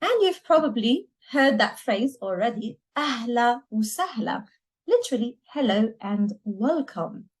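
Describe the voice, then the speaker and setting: Slow, patient woman language teacher. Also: a little high, animated, rough recording. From Lebanon. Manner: slow, deliberate, repeats words for learners to copy. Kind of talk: language lesson.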